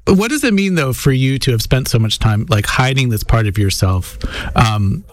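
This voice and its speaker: A man hosting a radio interview, asking questions and reading introductions in a measured, conversational way. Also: mid-range voice, expressive.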